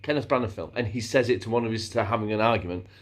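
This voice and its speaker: A man's voice: lowish voice, racing. A man talking casually to camera in a rambling vlog monologue, often stopping and restarting his sentences. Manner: meandering, self-interrupting, playfully animated, slips into silly voices. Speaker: vlogger.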